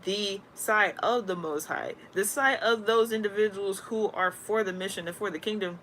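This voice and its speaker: A woman's voice: medium pitch, normal speed, slight background noise. Slangy, rambling woman talking spirituality. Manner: slangy, rambling, animated storyteller. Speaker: spiritual content creator. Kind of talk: casual spiritual talk.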